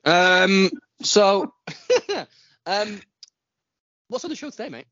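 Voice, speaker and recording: A man's voice: animated, slow, sharp tone, no room sound. A British man co-hosting a podcast, teasing his co-host in playful, casual banter. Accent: British English. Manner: teasing, playful, sing-song swings in pitch. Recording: dry, slightly dull-sounding podcast audio.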